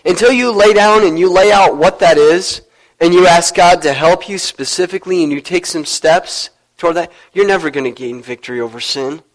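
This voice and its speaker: Casual: pastor guy preaching, kinda high voice, earnest, goes low and slow on big points. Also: low-quality recording. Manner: earnest, storytelling preacher who drops low to stress points. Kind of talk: sermon.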